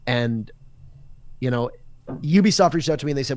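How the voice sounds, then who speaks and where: A man's voice: a little high, quick pace, no echo. A man, an esports caster, telling stories in casual podcast chat and acting out the dialogue. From Canada. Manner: lively storyteller who acts out quoted dialogue.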